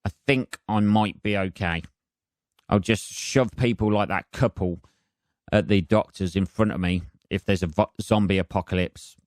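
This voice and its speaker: A man's voice: lowish voice, moderate pace, dry recording, clean studio sound. A man hosting a solo podcast, rambling and self-mocking with lots of swearing. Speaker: podcast host.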